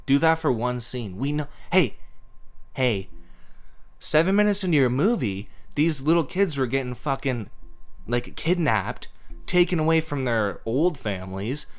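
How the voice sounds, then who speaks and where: Podcast host, male, resonant mid-pitched voice, loose and sweary, lots of "like". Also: animated, unhurried. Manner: rambling and profane, heavy on "like". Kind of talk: casual movie rant.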